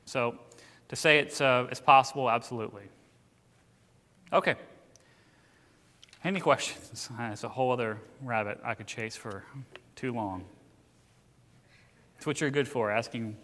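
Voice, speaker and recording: A man's voice: mid-range voice, normal speed, long pauses, fairly bright tone. A man teaching a casual church Bible class, telling stories in a conversational way with asides. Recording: church hall with long reverb.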